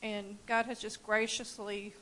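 A woman giving a personal testimony at a church service, telling her story in an animated way and laughing at times. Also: medium pitch, measured pace, low-quality recording. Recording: faint hiss.

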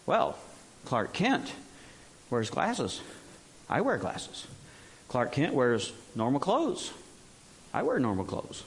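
A man's voice: mid-range voice, huge pitch swings, slow, long pauses. A middle-aged man preaching a sermon in a plain conversational way, joking and sometimes mimicking others in exaggerated bursts. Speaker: pastor.

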